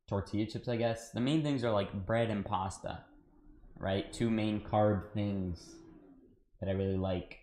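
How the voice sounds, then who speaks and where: A man's voice: fairly low pitch, darkish tone. An American man on a cooking livestream, chatting casually and rambling to his viewers, saying "dude" a lot as he works in his home kitchen. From United States. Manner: talks to chat while cooking.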